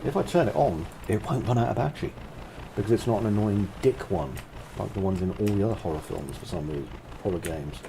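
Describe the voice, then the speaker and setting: Casual, chatty game developer with a low voice and faint background noise. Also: male voice, fast, creaky. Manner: chatty and self-mocking, with frequent asides. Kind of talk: casual gameplay commentary.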